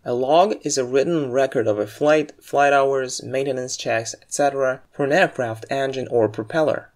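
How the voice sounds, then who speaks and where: A man giving a scripted aviation English lesson, explaining word stress in a clear, measured way and reading example sentences. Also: mid-range voice, darkish tone.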